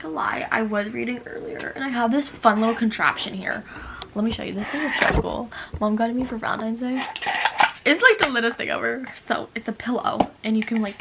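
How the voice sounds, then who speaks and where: Young woman gushing about books, excited, says like a lot, fry-heavy. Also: fairly high pitch, very noisy. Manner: bubbly and excitable, full of "like". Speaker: book vlogger. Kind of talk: casual chat.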